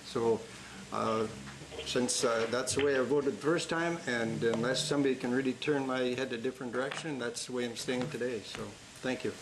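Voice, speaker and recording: A man's voice: mid-range voice, steady tone, moderate pace, noisy background. An older man, a city councillor, speaking bluntly and plainly in a council debate, with hesitant fillers. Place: council chamber.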